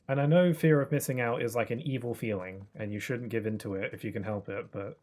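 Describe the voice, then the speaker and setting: A man's voice: medium pitch, steady tone, normal speed, darkish tone. A young man in his twenties chatting casually while streaming a game, rambling with lots of fillers and restarts. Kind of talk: casual live-stream gaming chat.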